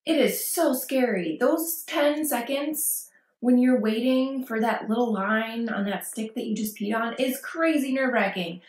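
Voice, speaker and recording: A woman's voice: on the high side, measured pace, a little mellow. A woman vlogging parenting advice, talking casually and reassuringly to camera and acting out worried quotes. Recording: echoey room.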